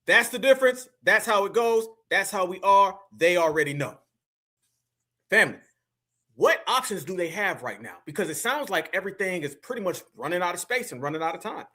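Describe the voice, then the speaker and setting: High, bright-voiced mocking stream host. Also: male voice, animated, brisk. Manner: emphatic, mocking, laughs often. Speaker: live-stream commentator. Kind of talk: live reaction commentary.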